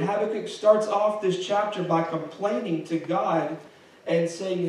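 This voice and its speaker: A man's voice: sits high, moderate pace. A young man preaching a sermon in a church, talking conversationally and restarting his phrases, growing intense when he voices prayers. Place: large church sanctuary. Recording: echoey hall from a distance.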